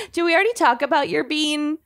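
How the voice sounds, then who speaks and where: A woman's voice: sits high, lively intonation, brisk, fairly bright tone. A woman co-hosting a podcast in casual chat, giggling and telling stories. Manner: giggly, storytelling. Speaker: podcast co-host.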